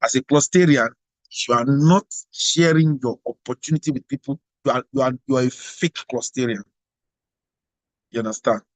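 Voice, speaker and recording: A man's voice: medium pitch, moderate pace, no echo, rough recording. Male leader, preachy and repetitive, dry close recording. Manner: emphatic, repetitive, rhetorical questions. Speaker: global president of organization. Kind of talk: motivational address.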